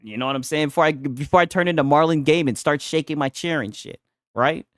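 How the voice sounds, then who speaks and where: A man's voice: a little high, fast talker, no echo, studio quality. A man reacting to a clip on his stream, mocking and laughing, with lots of slang. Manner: mocking, laughing, slangy, replays and repeats lines. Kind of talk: casual reaction commentary.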